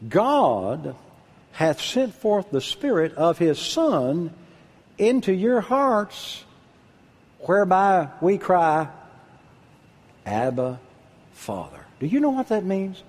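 An older man preaching a sermon, husky-voiced, dropping to a hush and then calling out loud. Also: high voice, takes it slowly. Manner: animated preaching, drops to a hush then shouts out. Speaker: pastor.

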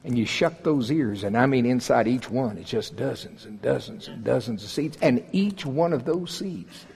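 An older man from Oklahoma delivers a sermon in a folksy, joking manner and climbs to emphatic peaks. His voice is a little husky and sits at a middle pitch. It rings out with the long reverb of a large hall. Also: animated, normal speed, a little mellow. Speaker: preacher.

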